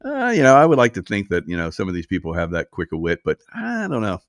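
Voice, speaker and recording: A man's voice: low-pitched, wildly swooping pitch, quick pace, no echo. Sarcastic man commenting in a dry room. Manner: sarcastic, mocking, frequent chuckles. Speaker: political commentary host. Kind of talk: casual political commentary.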